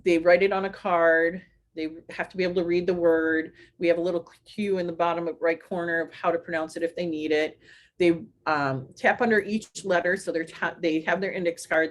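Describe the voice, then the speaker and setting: A woman teacher giving a presentation on a literacy method, spelling out words letter by letter and adding quick asides. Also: lowish voice. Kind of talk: explanatory presentation.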